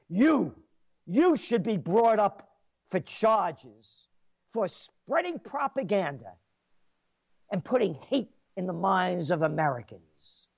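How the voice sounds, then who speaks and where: A man with a high voice that swings widely up and down, ranting on talk radio. He speaks slowly and lets each insult land. His tone is sarcastic and scornful, and he breaks into shouting now and then. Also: very animated, vocal fry. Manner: angry, mocking, insulting rant. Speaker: radio show host.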